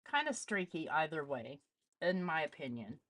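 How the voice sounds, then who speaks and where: A woman's voice: low-pitched, big pitch swings, normal speed, fairly bright tone, no echo. A woman hosting a casual live art demonstration, chatting as she tests supplies and greets viewers. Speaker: art channel host.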